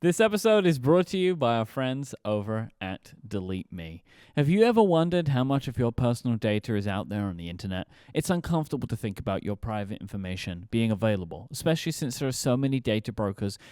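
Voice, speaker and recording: A man's voice: mid-range voice, sing-song, a little fast, hardly any pauses, darkish tone, clear, resonant tone, no room sound. A man co-hosting a podcast, making dry, wry comments in casual chat and reading an ad. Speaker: podcast co-host.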